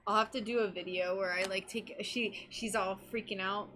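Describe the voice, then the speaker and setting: A woman's voice: medium pitch, steady tone, normal speed, bright, forceful tone, a little hiss or hum. A woman chatting casually with her live-stream audience while crafting, giggly and talking to her pet. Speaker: stained glass streamer.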